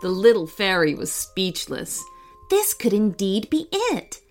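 A woman's voice: mid-range voice, sing-song, a little slow, soft background music. A woman narrating a children's story expressively, acting out the characters.

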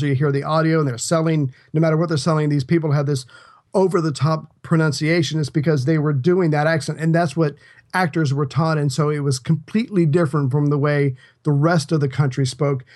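A man co-hosting a history podcast in a relaxed, talkative way. His voice sits a little higher than most men's. He explains things loosely and readily agrees with his partner. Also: fairly quick. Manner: easygoing, chatty, agreeable. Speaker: podcast co-host. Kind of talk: casual history podcast chat.

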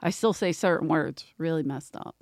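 A woman's voice: low-pitched, normal speed, no room sound, studio quality. A middle-aged woman with a Philadelphia accent, hosting a casual comedy podcast chat and telling stories with laughs. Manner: laughing, animated storytelling. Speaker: podcast host.

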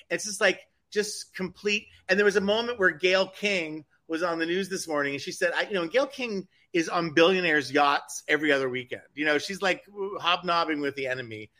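Bright-voiced chatty man. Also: a little high, a little fast, hardly any pauses. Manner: rambling, indignant commentary with many restarts. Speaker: co-host. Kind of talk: casual chat.

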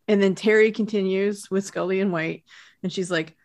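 Woman co-host, relaxed TV recap chat, chatty delivery. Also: mid-range voice, normal speed. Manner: chatty, laughs while retelling scenes. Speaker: podcast co-host.

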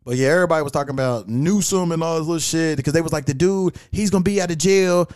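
A man hosting a podcast, telling animated, profane stories in a casual chat and acting out the quotes. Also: on the high side, quick pace, clear, resonant tone, dry recording, studio quality. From California. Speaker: podcast host.

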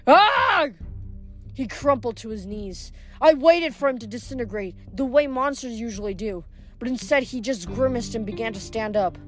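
A woman's voice: a little high, normal speed, soft background music. Woman reading a novel aloud. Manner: steady first-person narration with small restarts. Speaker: audiobook reader.

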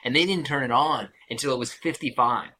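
Husky, sarcastic young man. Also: mid-range voice, fairly quick, pushed and bright. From Kansas. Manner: dry, sarcastic, swears freely. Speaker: podcast co-host. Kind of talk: casual chat.

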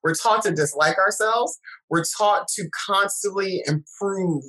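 Through poor audio comes a middle-aged guest speaker with a mid-range voice and measured delivery. In casual chat she tells stories with real animation, performing the voices of the people she quotes.

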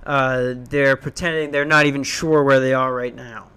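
A young man from Minnesota telling a story in an animated, self-mocking rant, swearing freely. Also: moderate pace, clean tone. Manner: animated, self-mocking, swears, jumps into high voices when quoting.

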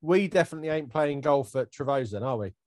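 A man co-hosting a casual chat over a video call, throwing teasing deadpan jabs. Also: mid-range voice, fast, no echo, clean studio sound. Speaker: podcast co-host.

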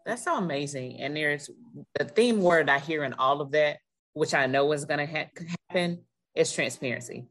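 A woman's voice: low voice, lively intonation, normal speed. A woman hosting an interview as a leadership coach, affirming and often checking in with "right?". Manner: affirming, asks with repeated "right?".

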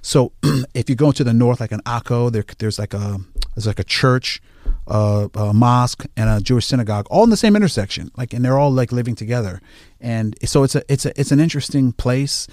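A man speaking as an interview guest in casual conversation, halting often with fillers and restarts. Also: medium pitch, steady tone, a little mellow, dry recording, clean studio sound.

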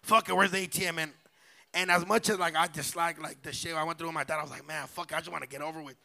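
A man's voice: on the high side, fairly even intonation, very fast, gravelly, bright, forceful tone. A young man, co-hosting a podcast and telling a slangy, profane, rambling story on a live stage. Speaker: podcast co-host. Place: live pop-up show venue.

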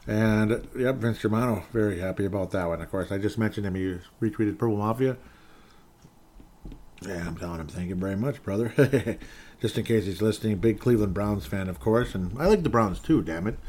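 Man, podcast host, solo sports talk, sarcastic ranting, repeats himself, slightly low voice. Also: fairly quick, darkish tone. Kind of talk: solo sports podcast, reading listener messages.

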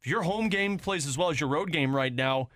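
A man hosting a casual sports talk show, breaking down hockey games in a measured, analytical way. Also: a little high, a bit bright, no echo, studio quality.

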